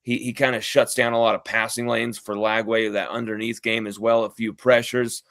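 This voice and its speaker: Sports show host, dry close sound, mid-pitched, quick on the recaps. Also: male voice, flat delivery, a bit bright, no room sound. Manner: recaps plays quickly, stumbles and repeats words. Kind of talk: sports talk interview.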